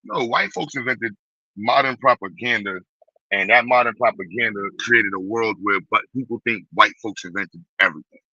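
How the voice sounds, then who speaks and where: A man with a New York accent hosting a blunt, profane, animated rant in quick bursts. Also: lowish voice, husky, no room sound. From Brooklyn, New York. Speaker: host. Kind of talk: casual ranting commentary. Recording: dull, muffled dry sound.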